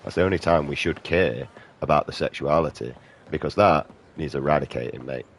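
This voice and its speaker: A man's voice: a bass voice, fairly quick, a little hiss or hum. A British man in his thirties ranting profanely as he comments over his gameplay. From Britain. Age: 30s. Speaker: gaming streamer.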